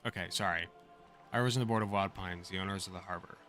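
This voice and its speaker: A man's voice: low-pitched, quick pace, soft background music. A man streaming, chatting casually and jokingly as he plays and reacts. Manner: casual, jokey, animated.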